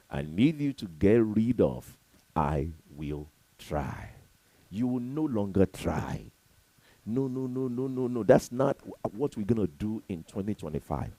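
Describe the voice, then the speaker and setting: A man giving an emphatic, preachy motivational talk to camera, repeating his points and swinging between loud and soft. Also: deep voice, no room sound, poor audio. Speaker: motivational speaker.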